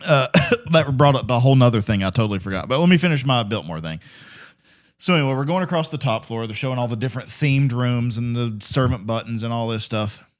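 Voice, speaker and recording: Animated man telling stories. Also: medium pitch, fast talker. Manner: animated storytelling, swearing, laughing often. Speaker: podcast co-host. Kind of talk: casual chat.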